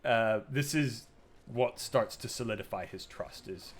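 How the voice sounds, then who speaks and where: Animated, swearing man recounting game scenes. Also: mid-range voice, unhurried, a crowd in the background. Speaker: podcast co-host. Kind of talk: casual game discussion.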